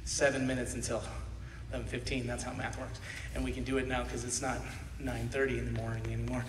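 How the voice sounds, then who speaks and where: A man in his thirties preaching a sermon, animated, swinging between shouts and quiet asides, laughing often. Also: medium pitch, quick pace. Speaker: pastor. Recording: echoey hall from far off.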